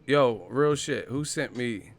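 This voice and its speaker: A man's voice: mid-range voice, takes it slowly, soft background music. A man hosting a live stream chat about boxing, talking in a loose, profane way and repeatedly cracking up laughing. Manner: profane, giggly, keeps breaking into laughter. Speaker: boxing channel host.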